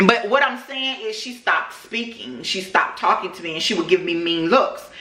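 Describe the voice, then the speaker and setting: A woman vlogger telling a story to her viewers at home in an animated, chatty way, talking to them directly. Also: mid-range voice, normal speed, few pauses. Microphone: camera microphone. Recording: roomy echo.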